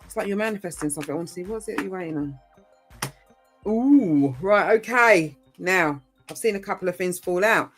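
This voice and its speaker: A woman's voice: lowish voice, normal speed, soft background music. A woman giving a casual tarot reading, chatty and rambling, with frequent ums and mild swearing. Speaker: tarot reader.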